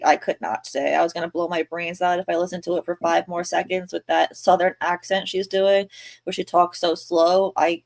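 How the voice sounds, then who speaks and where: A woman talks in a low, gravelly register, blunt and quick to exaggerate. Her casual chat is recorded close and dry at home, with no room sound around her. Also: no echo. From New York City. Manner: blunt, exaggerating, laughs often. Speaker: podcast co-host.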